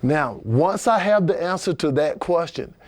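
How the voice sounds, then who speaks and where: An energetic middle-aged man teaches sales technique in a slightly higher voice, acting out customer exchanges with animated shifts. The sound is dry and close, with no room echo. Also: measured pace. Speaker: sales trainer. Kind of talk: instructional sales training talk.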